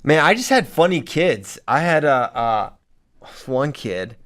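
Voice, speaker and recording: A young man who coaches wrestling, chatting casually on a podcast and telling animated stories, laughing along as he talks. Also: mid-range voice, a little slow. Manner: animated storyteller, laughs through his own stories.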